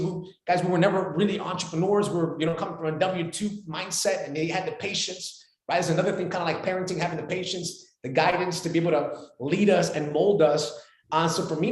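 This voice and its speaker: A man in his forties, a podcast guest talking in an animated, emphatic way and repeating phrases for weight. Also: high voice, reverberant.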